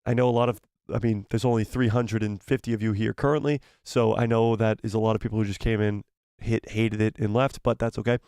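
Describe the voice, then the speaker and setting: Hoarse, excitable man hosting a live stream. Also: on the low side, dry recording, studio quality. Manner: excitable, frequent exclamations and quick laughs. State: losing his voice, throat-clearing. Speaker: livestream host. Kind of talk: live watch-party chat, reading viewer messages.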